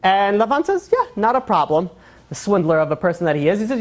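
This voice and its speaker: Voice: medium pitch, big pitch swings, fast talker. A religious teacher giving a casual Torah lesson, rambling with many fillers and joking asides.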